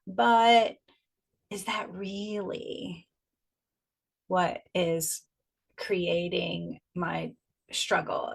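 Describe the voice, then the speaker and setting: A middle-aged woman leads a spiritual teaching with a voice of ordinary pitch for a woman. She speaks gently and reflectively, and slows down to lean on the phrases she wants to land. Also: vocal fry.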